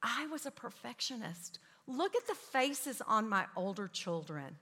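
Bright-voiced woman in echoey hall. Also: on the high side, sing-song, unhurried. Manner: chatty storytelling with self-mocking asides. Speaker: parenting class teacher speaking to parents. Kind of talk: Christian parenting talk. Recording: echoey hall with long reverb.

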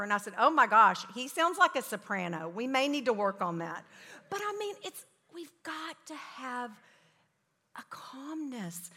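Bright-voiced woman in echoey hall. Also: on the high side. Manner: chatty storytelling with self-mocking asides. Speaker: parenting class teacher speaking to parents. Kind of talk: Christian parenting talk. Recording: echoey hall with long reverb.

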